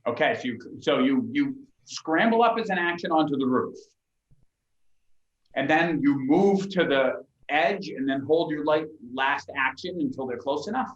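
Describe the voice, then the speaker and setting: A man's voice: a little high, moderate pace, muffled recording. Man game master in an echoey room. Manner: lively narration with frequent restarts and acted bits. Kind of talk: narrating a tabletop game.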